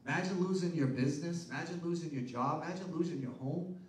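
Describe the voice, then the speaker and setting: A man preaching a sermon as pastor, asking the congregation rhetorical questions and building to loud, emphatic peaks. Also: on the high side, fast talker, reverberant, far from the mic, slight background noise, poor audio.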